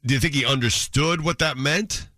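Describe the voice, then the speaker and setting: A man's voice: mid-range voice, moderate pace, bright, forceful tone, dry recording, clean studio sound. A man co-hosting a morning radio show, reacting with short replies and reading station IDs. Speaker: radio co-host. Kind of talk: casual morning radio chat. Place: radio studio. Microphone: studio microphone.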